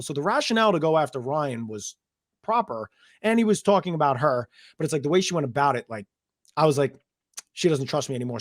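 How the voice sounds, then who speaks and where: A man's voice: a little high, no room sound, studio quality. Chatty man from New Jersey. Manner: rambling, animated retelling with many "I was like" quotes. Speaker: interview guest. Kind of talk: casual storytelling interview.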